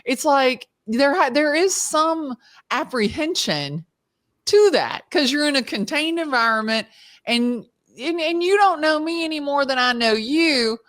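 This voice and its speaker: A woman with a Southern US accent hosts a casual interview, chatty and excitable as she tells a story. Her talk runs lively and animated, with plenty of fillers and restarts. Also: high-pitched, measured pace. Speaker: podcast host.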